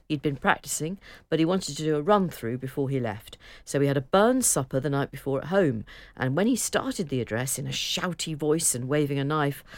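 A woman co-hosting a radio chat show, dry and self-mocking, quick to laugh at her own stories as she reads out listener emails. She grew up in northern Liverpool. The studio sound is close and dead, with no room at all. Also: sits low, no room sound.

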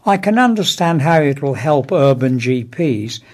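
A man's voice: medium pitch, animated, a little slow, darkish tone. An Englishman reading his own humorous first-person column aloud, with a wry, dry comic delivery.

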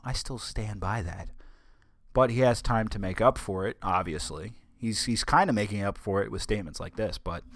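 A man's voice: fairly low pitch, a bit bright, no room sound, clean studio sound. A man hosting a solo podcast in a casual monologue, rambling, stumbling over his words and making wry asides. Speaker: podcast host.

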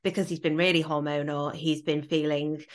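A woman's voice: low-pitched, level tone, normal speed. A middle-aged woman hosting a podcast, talking frankly and bluntly with casual swearing. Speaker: podcast host. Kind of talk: candid conversational chat.

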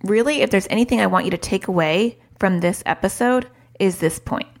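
A woman's voice: mid-range voice, brisk, vocal fry. A woman hosting a parenting podcast, talking frankly and casually and laughing at herself now and then. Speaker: podcast host, parenting educator.

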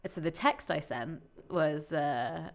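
A woman's voice: deep voice, slow pace. A woman co-hosting a podcast who chimes in with dry, teasing remarks during a casual chat. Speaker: podcast co-host.

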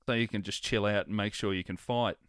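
A man, co-hosting a podcast in jokey, lively banter. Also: on the low side, brisk, clean tone, no room sound, studio quality. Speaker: podcast co-host. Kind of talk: casual comedy chat.

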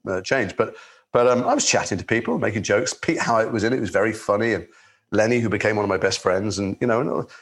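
A man with a London accent, an actor telling anecdotes in relaxed chat, with many restarts. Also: on the low side, fast. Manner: lively storyteller, swears in quotes, many restarts. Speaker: actor guest.

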